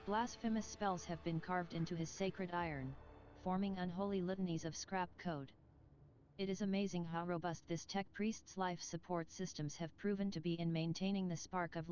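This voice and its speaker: A woman giving solemn, measured scripted narration in a game, heard through slightly muffled game audio with faint music behind. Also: on the low side, darkish tone.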